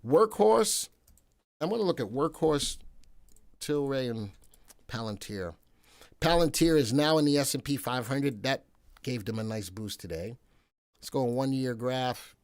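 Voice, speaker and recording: A man's voice: mid-range voice, lively intonation, unhurried, long pauses, a little mellow, no room sound, studio quality. A man hosting a live stock market show, talking casually and wandering into joking asides. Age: adult, past military service.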